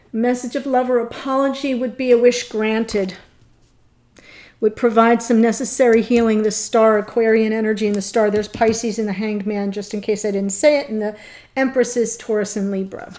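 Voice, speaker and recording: A woman giving a tarot reading to her viewers, earnest and thinking aloud, often pausing between short phrases. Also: fairly high pitch, level tone, mellow. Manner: addresses viewers directly. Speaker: tarot reader.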